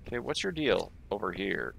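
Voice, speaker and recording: A man's voice: fairly low pitch, very animated, a little fast, vocal fry, fairly bright tone, a little hiss or hum, heavily acted. A man voicing a curious young male detective in a fan game dub, asking probing questions. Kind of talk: fan voice-over of a game scene.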